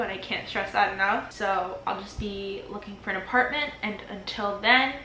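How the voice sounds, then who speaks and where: A woman in her early twenties, medium-pitched with a bright, forceful tone, vlogs a tearful goodbye to her empty apartment, speaking casually to camera. Her voice is teary as she rambles with lots of "like" and cries between laughs. The empty room echoes, with a little hiss or hum.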